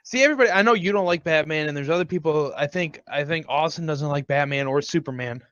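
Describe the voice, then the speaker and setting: A man's voice: fairly high pitch, quick pace, fairly bright tone, smooth, no echo. A man with a slightly raised voice jokes and teases on a casual gaming podcast, crude and blunt. The sound is dry and close, with a dull, lo-fi mic. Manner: crude, joking, teasing. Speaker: podcast co-host.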